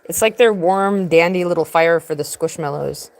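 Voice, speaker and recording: A woman's voice: on the low side, moderate pace. Rambling, irreverent woman live streaming. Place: in a tent, sitting on her bed.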